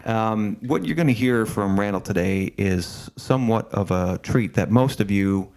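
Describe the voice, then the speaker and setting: A man from Pennsylvania hosts a podcast interview and wanders through his points with a lot of restarts. His voice sits low, and his talk is casual and unscripted. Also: normal speed, darkish tone, smooth. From Berks County, Pennsylvania. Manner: rambling, many fillers and restarts. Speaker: podcast host. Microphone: camera setup, host seen.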